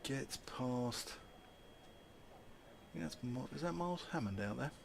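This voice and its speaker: Slow-spoken male cricket commentator. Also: medium pitch, vocal fry. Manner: lively play-by-play, rising with big shots. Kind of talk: live ball-by-ball commentary.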